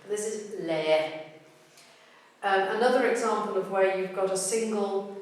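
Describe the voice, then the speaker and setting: A woman teaching pronunciation in a patient, measured way, slowing down to demonstrate words. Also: mid-range voice, steady tone. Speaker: language teacher. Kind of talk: explanatory lesson. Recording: very echoey room, voice from far off.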